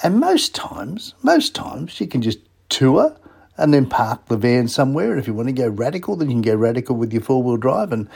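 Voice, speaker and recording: Man hosting radio talk, husky tone, bouncy pitch, chatty and full of questions. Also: very animated, a little fast, darkish tone. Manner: chatty, fires rhetorical questions at listeners. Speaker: radio show host.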